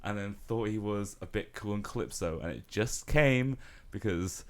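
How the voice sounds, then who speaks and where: A man's voice: fairly low pitch, moderate pace. A man guesting on a podcast livestream who chats in a jokey, rambling way. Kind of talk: casual livestream chat.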